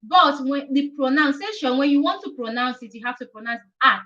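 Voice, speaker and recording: A woman's voice: high-pitched, lively intonation, a little fast, a bit bright, muffled recording. A young woman hosting a casual live-stream lesson, repeating each point and often checking with "okay?". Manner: repetitive, explains each point several times with many "okay?" checks. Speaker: language teacher hosting a live chat.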